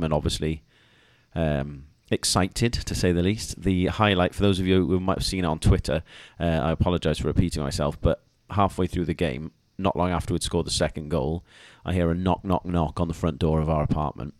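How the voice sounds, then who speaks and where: A man co-hosting a podcast, telling a story with animated energy and laughing as he goes. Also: sits low, a little fast, no room sound. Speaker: podcast co-host. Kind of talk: casual podcast chat.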